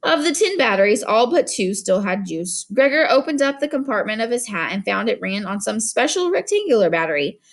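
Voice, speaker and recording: Woman reading a kids' novel aloud, kinda high, lots of pitch movement, expressive. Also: brisk, few pauses. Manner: expressive storytelling, voices each character. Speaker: audiobook narrator. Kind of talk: scripted audiobook narration.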